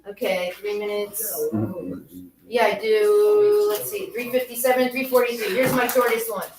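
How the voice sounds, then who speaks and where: A woman's voice: mid-range voice, level tone, moderate pace, reverberant, a little hiss or hum. A woman teaching an art class, talking chattily and directly to her students. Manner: chatty, talks straight to students.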